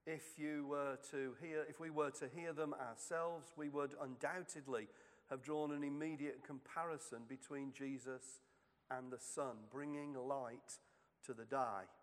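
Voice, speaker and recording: Male preacher, unhurried and measured, long reverb behind him; sermon reading. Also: medium pitch, steady tone. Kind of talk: sermon reflection.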